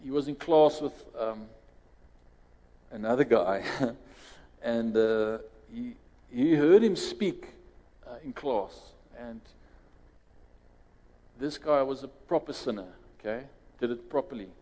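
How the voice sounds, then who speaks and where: A South African man preaching in an easy, conversational way, circling back on his phrases and jumping up in pitch when he voices other people. His tone is dark and mellow. A long hall reverb trails behind every word. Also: slow. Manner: conversational, restarts phrases, rises sharply when quoting others. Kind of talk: sermon with closing prayer.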